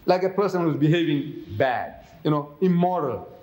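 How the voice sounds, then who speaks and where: A man's voice: fairly high pitch, lively intonation, moderate pace, a little mellow, reverberant. A man giving a public religious lecture, firing rhetorical questions at his audience.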